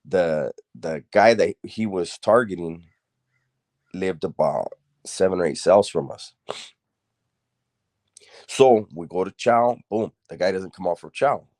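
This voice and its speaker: A man's voice: low voice, slow, pauses often, darkish tone, no echo, clean studio sound. A middle-aged man telling a story casually, streetwise and blunt, rambling with fillers and restarts and swearing freely.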